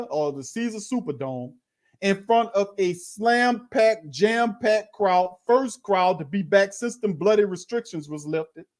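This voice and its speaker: Fired-up man ranting. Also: sits high. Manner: heated, swearing, stammering restarts. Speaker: sports show host. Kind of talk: live-stream watch party rant.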